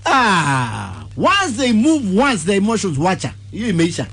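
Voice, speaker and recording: A Kenyan man co-hosting a radio show, speaking emphatically in lively banter. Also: high-pitched, slow pace, vocal fry, slightly rough. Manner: emphatic, mixes English and Swahili. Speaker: radio co-host.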